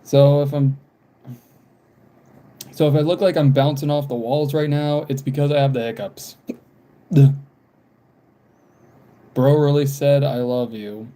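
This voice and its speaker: A young man live-streaming while doodling, talking casually in halting bits, sighing and apologizing because he has the hiccups. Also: a little high, fairly even intonation, warm tone. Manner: halting, apologetic, frequent sighs and small laughs.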